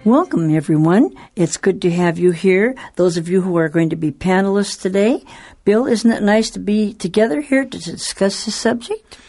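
A woman's voice: medium pitch, normal speed, warm tone, faint music behind. A woman hosting a radio panel show, chatty and friendly, hesitating now and then. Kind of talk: relaxed radio panel chat.

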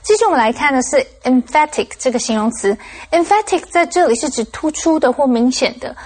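A woman teaching vocabulary in a quick scripted explanation, reading example sentences briskly and clearly. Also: high-pitched. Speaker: language lab teacher.

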